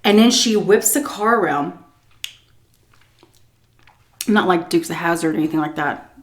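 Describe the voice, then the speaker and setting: A woman's voice: on the low side, a little fast. Chatty woman telling a story. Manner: animated, lots of fillers and laughs, acts scenes out. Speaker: food vlogger. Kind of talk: casual story time.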